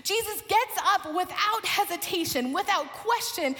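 A woman preaching a sermon, telling a personal story in a lively way and acting out the people in it. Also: very high voice, measured pace, in a large hall. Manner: animated storytelling, acts out quoted voices.

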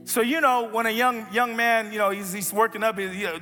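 Animated man preaching in a reverberant hall. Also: sits high, fairly quick. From grew up as an immigrant. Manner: animated storyteller, acts out voices, drops to a soft hush. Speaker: pastor. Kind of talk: storytelling sermon. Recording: reverberant hall with faint music.

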